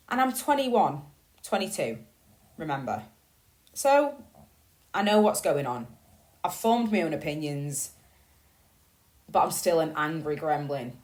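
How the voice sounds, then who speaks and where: A woman, likely in her thirties, telling a personal family story in a candid, swearing podcast monologue. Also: on the low side. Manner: candid and profane, swinging between slow reflection and bursts of emphasis. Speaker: podcast host.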